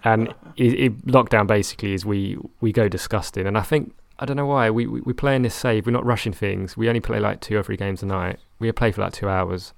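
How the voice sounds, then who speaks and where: A man's voice: lowish voice, fairly even intonation, fairly quick, vocal fry, hardly any pauses, no room sound. A young man talking casually about his football management game, rambling and correcting himself with a wry tone. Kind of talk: casual chat.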